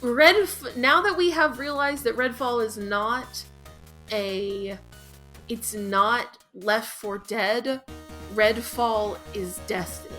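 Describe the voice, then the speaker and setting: A woman co-hosting a casual podcast with a crisp, bright voice. She talks fast and loose, full of dry, sardonic asides. Faint music sits under her. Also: fairly high pitch. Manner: chatty, sardonic, quick asides. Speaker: podcast co-host. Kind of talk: casual chat.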